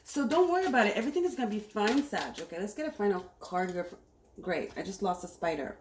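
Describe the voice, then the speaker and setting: A woman's voice: mid-range voice, fast. Woman, tarot reader, casual and enthusiastic, repeats herself, roomy echo, faint background hiss. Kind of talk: casual tarot reading to camera. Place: home room, cooking on stove nearby. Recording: echoey room with faint noise.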